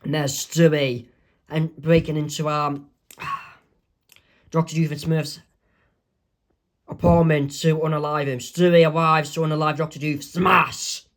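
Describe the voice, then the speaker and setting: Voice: medium pitch, flat delivery, a little slow, long pauses. A comic creator narrating their own strip in a rambling way, full of ums and self-corrections. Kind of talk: amateur comic read-aloud.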